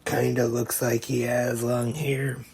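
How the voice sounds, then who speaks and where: A man's voice: mid-range voice, level tone, gravelly, a little mellow, slightly rough. A man hosting a podcast, retelling a comedy short scene by scene in a plain, casual way. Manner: slow, plain play-by-play retelling. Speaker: podcast host.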